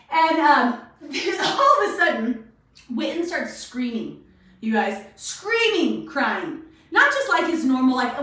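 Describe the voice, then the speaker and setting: A woman hosting a daily live video, talking casually and animatedly to her viewers. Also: sits high. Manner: chatty, animated, addresses viewers as "you guys". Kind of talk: casual motivational talk. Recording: very echoey room, voice far from mic.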